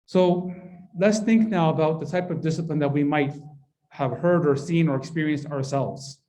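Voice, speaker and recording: Male workshop presenter, warm mellow tone, conversational and interactive with a live audience. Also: fairly high pitch, moderate pace. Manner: conversational, keeps asking the audience "right?". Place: mosque hall, indoors.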